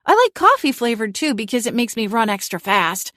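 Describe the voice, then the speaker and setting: A woman's voice: fairly high pitch, sing-song, a little fast, fairly bright tone, no echo, clean studio sound, voice pushed up. A woman voicing a timid, childlike male animal familiar who rambles eagerly in a cozy audiobook.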